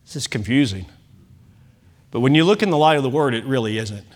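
A man preaching a sermon as pastor, emphatic, with big swings in loudness and chatty asides and self-corrections. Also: medium pitch, lively intonation, brisk.

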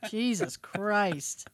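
A woman co-hosting a podcast tells a family story in casual conversation, her mid-range, fairly bright voice expressive and very slow. She swears now and then and laughs as she goes.

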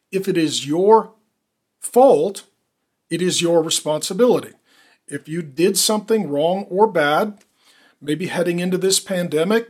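A middle-aged man preaching a sermon as a pastor, with an emphatic, repetitive cadence. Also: fairly high pitch.

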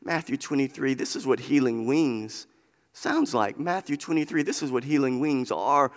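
A man's voice: mid-range voice, moderate pace. A man preaching a sermon, impassioned and repetitive, driving his points home with repeated phrases. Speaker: pastor. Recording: long hall reverb.

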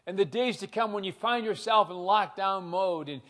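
A man's voice: high-pitched, normal speed, a bit bright. A man preaching a sermon, reading scripture aloud and leading the congregation to repeat lines after him, earnest, with frequent restarts. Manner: reads scripture aloud and leads the congregation in call-and-response. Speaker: pastor.

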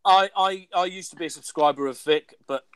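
A young man with an English accent, animated and quick to laugh, chatting casually as a guest and poking fun at his own common way of speaking. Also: sits high, smooth, no echo. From England. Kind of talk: casual chat.

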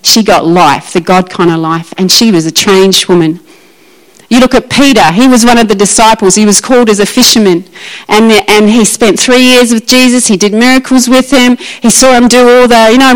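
A woman preaching a lively, emphatic sermon and acting out Bible scenes. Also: fairly high pitch, normal speed, poor audio.

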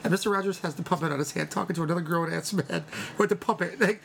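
A man's voice: a little high, quick pace, gravelly. A man recapping a movie in casual podcast chat, rambling and laughing as he acts out quotes. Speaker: podcast co-host telling about a movie. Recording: faint background noise.

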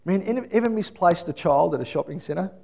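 A middle-aged pastor whose voice sits high for a man. He preaches with animated storytelling, acting out the people in his family stories as he goes. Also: a little fast, vocal fry. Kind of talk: sermon.

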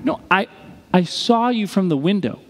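A man voicing an anxious, puzzled woman schoolteacher who keeps asking excited questions. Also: high voice, normal speed, in a large hall, pitched above the performer's own voice.

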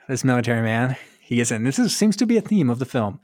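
A man's voice: mid-range voice, fast, no echo, studio quality. A man co-hosting a casual movie podcast, retelling the plot with acted-out lines. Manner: animated retelling with acted-out quotes. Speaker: podcast co-host. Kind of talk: casual movie review chat.

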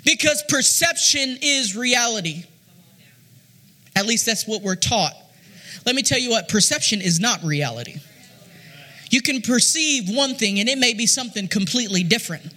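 High, bright-voiced preacher half-singing his sermon. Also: lively intonation, moderate pace. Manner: rises into sung, shouted preaching cadence.

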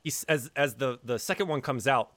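A man acting as game master for a tabletop game narrates the scene with lively storytelling, full of fillers and restarts. He has a mid-range voice, a moderate pace, and no echo.

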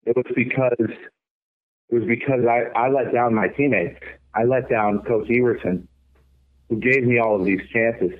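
A young man recounts his past in an earnest, reflective way, speaking as an interview guest. His voice sits at an ordinary pitch. It comes through a thin, tinny, phone-like line. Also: steady tone, measured pace. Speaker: guest, former college baseball pitcher. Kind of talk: storytelling interview.

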